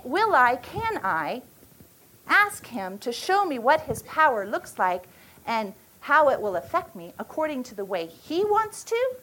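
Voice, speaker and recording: A woman in her forties with a notably high voice leads a retreat session. She speaks earnestly, often breaking off and restarting her sentences as she works through a thought. When she tells her stories, her voice carries real emotion. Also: fairly bright tone, a little hiss or hum, poor audio. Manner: earnest, halting, emotional storytelling. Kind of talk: women's retreat teaching.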